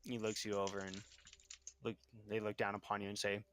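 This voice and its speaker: A man narrating as game master for a live tabletop game, relaxed and with frequent ums. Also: lowish voice, a little fast, clean tone, no echo.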